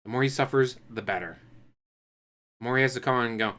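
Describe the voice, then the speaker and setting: Male streamer, bright tone, sarcastic casual commentary with mocking asides. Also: mid-range voice, fast.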